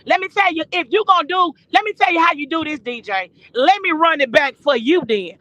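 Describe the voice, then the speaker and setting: Loud high-voiced woman ranting profanely. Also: animated, no echo. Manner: loud, profane, confrontational, fast bursts. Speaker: guest caller on a live stream. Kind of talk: heated ranting on a live stream. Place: in a car while driving. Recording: muffled lo-fi stream audio.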